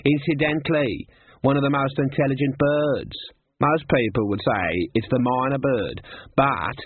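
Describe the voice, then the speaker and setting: A nervous, pedantic male raven who cannot stop lecturing about trivia, voiced by a man reading a storybook aloud. The voice carries a husky grain. The sound is dry and boxy, squeezed into a narrow, phone-like band. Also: medium pitch, measured pace, no echo.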